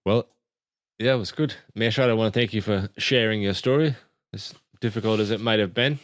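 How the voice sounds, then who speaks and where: A man's voice: lowish voice, a little fast, no room sound, clean studio sound. A man hosting a podcast in casual chat, laid-back and laughing easily. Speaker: podcast host.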